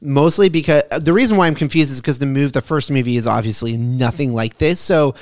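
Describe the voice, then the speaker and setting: A man's voice: medium pitch, fairly quick, darkish tone, no room sound. Rambling man on a dry podcast mic. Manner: rambling, filler-heavy. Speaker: podcast co-host. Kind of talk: casual podcast chat.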